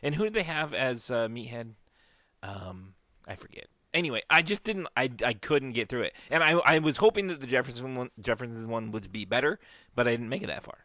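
A man talks through a casual podcast conversation, rambling and animated. His voice sits at a middle pitch and sounds dry and close to the mic. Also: brisk, dry recording. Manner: rambling, animated storytelling with impressions. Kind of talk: casual chat.

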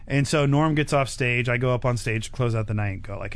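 A man's voice: medium pitch, normal speed, few pauses. Young man telling a rambling comedy story. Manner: animated, many fillers like "like" and "uh". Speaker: stand-up comic telling a story. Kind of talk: casual podcast storytelling.

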